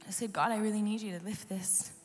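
A woman worship leader, hoarse and losing her voice, telling an earnest personal testimony to a live audience. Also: medium pitch, steady tone, fast. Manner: earnest, storytelling, talks to the crowd. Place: large conference hall. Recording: live hall reverb with soft music.

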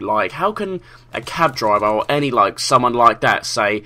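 A young man with a South London accent casually telling a story to camera, sweary and animated, full of slang. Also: medium pitch, normal speed. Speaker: vlogger.

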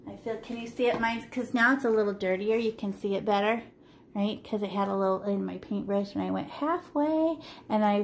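Over a video call from her home, a woman teaches children to paint live, her laptop mic catching a roomy sound with a little hiss or hum. Playful and chatty, she guides them step by step in a gravelly, medium-pitched voice that runs a little fast.

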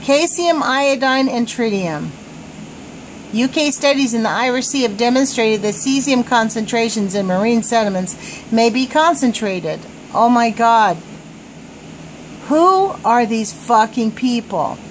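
High-pitched, indignant woman ranting. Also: lively intonation, unhurried, a little hiss or hum, rough recording. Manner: indignant, swearing, stumbles over words. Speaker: vlogger reading a report aloud. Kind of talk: agitated screen-reading rant.

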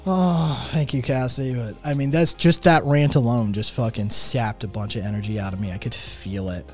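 A man's voice: mid-range voice, normal speed, darkish tone, faint music behind. A man who says he is sick and in pain, ranting with constant swearing while he reads and answers his chat. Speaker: streamer. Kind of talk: ranting live stream chat.

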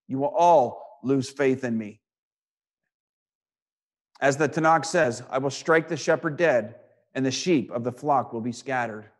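A male preacher giving a sermon, reading scripture aloud and expounding it with rhetorical questions and repeated phrases, swinging between loud and hushed delivery. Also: medium pitch, measured pace, long pauses.

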